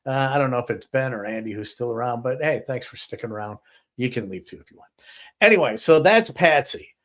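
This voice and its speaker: A man's voice: mid-range voice, expressive, fairly quick. A man hosting a live talk show, telling a long story in a rambling, anecdotal way with many fillers and asides.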